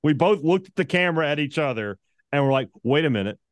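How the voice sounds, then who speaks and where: A man's voice: a little high, expressive, fast, no room sound. A man guesting on a sports podcast, telling stories in casual chat and laughing easily. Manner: chatty storyteller, laughs easily.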